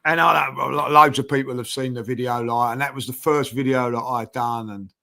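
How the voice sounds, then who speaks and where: A man's voice: mid-range voice, steady tone, a little fast, gravelly, sharp tone. A man, a guest in a casual chat, telling a long story with lots of fillers and acting out the voices of people he quotes. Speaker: podcast guest.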